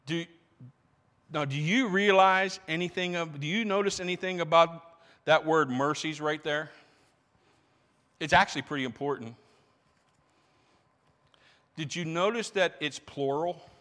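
A male pastor preaching a sermon, animated, stumbling over restarts as he builds his points. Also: a little high, a little slow, pauses often, big-room sound.

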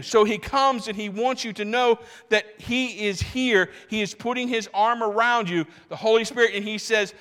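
A male pastor preaching a sermon, animated, stumbling over restarts as he builds his points. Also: high voice, unhurried, long reverb tail.

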